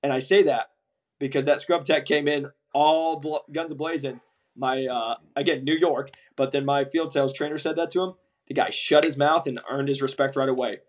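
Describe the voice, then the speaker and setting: A young man in casual podcast chat with a medium-pitched voice, recounting work stories with energy. He slips into quoted voices and swears freely along the way. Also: steady tone, normal speed. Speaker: medical device sales rep, podcast co-host.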